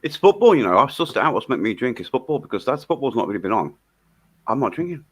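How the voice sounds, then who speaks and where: A man's voice: mid-range voice, very animated, fast, slightly rough, dry recording. Sweary laughing man chatting. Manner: sweary, blunt, laughs a lot. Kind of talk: casual chat.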